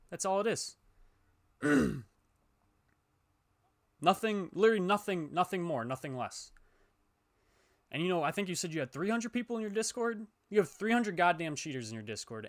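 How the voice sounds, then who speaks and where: A young man, a gaming YouTuber, ranting heatedly and profanely to his viewers, swinging between loud outbursts and low muttering. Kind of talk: ranting to camera.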